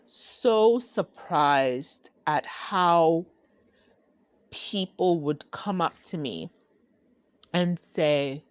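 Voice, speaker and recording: A woman from Ghana hosts her own podcast in a slow, heartfelt, reflective way. Her voice sits a little low, and she takes her time between thoughts. The sound is dry and close, with no room echo. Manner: slow, heartfelt, with sighs and laughs. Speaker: podcast host. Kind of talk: reflective solo podcast talk.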